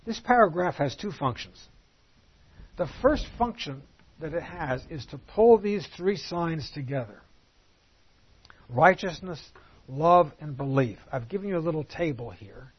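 A man teaching through a Bible passage in a conversational way, asking rhetorical questions and reading scripture slowly and deliberately. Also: on the high side, lively intonation, breathy edge, highs cut off.

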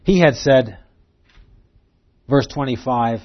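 A man's voice: mid-range voice, slow pace, lo-fi sound. A man teaching verse by verse through a Bible passage, earnest and emphatic, posing rhetorical questions to his listeners.

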